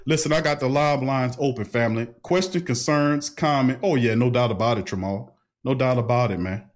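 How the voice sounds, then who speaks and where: A middle-aged man, hosting a casual call-in livestream in an animated, preachy way full of street slang. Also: medium pitch, a little fast. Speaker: livestream talk host. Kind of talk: casual call-in talk stream.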